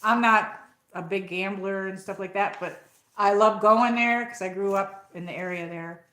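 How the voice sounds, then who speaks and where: A woman's voice: mid-range voice, fairly even intonation, moderate pace, fairly bright tone, reverberant. A woman with an upstate New York accent hosting a rambling, casual live chat and reading out viewer comments. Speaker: livestream host.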